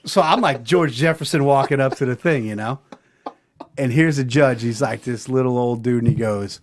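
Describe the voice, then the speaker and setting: A man hosting a podcast, telling a story in a lively, profane way and putting on voices. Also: medium pitch, normal speed, slight background noise. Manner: animated storyteller doing voices, swears freely. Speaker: podcast host. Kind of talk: storytelling chat.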